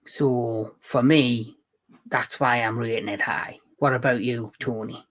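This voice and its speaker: A male movie-show host in casual conversation, voice sitting at an ordinary middle pitch. He jokes around and keeps restarting his sentences as he goes, loose and unscripted. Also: fairly even intonation, unhurried, a bit bright. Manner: jokey, talks with many restarts. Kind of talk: casual movie review chat.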